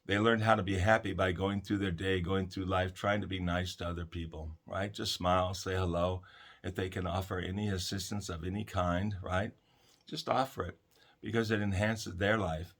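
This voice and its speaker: A man hosting a talk about counseling, speaking gently and reflectively to listeners and telling stories with many fillers. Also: sits low. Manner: gentle, unhurried, storytelling with fillers.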